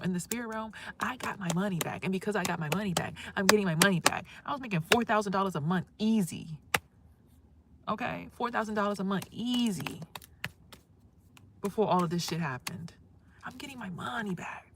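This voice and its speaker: A woman hosting a livestream in casual talk, giving spiritual advice in a loud, emphatic, profane and preachy way. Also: mid-range voice, lively intonation, fairly quick, noisy background. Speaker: livestream host.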